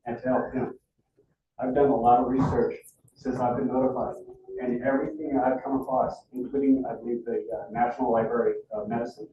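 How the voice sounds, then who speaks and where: An earnest, emotional father speaks at a public board meeting. His voice is mellow and dark, heard from a distance through a dull, lo-fi mic. The hall echoes heavily around him. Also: medium pitch, a little hiss or hum. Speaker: parent speaking at public comment. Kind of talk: public comment.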